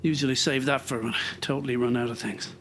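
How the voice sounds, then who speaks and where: Irish guy musing out loud on his treadmill, meandering and thoughtful, soft music under him. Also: mid-range voice, steady tone, fast talker, gravelly. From Ireland. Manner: reflective, rambling, with many fillers. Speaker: podcaster walking a treadmill. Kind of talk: casual thinking-aloud monologue.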